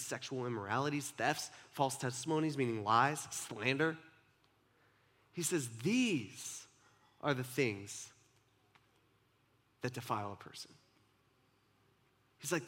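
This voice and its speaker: A man preaching a relaxed, conversational sermon, often acting out the people in the story in quick asides. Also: a little high. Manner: conversational, acts out quoted voices, many asides. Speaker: pastor. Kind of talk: casual sermon.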